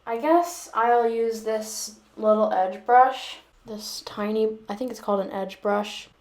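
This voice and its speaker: A woman's voice: medium pitch, measured pace, a little mellow. A woman vlogger chatting through a makeup tutorial, rambling and making fun of herself along the way. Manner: rambling, self-mocking, joking asides. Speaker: beauty vlogger. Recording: echoey room.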